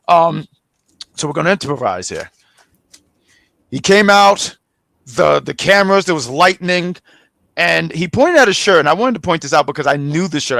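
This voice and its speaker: Gravelly rambling man co-hosting a review. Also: a little high, no echo. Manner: rambling, animated, stumbling restarts. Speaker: wrestling review podcast co-host. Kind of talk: casual chat.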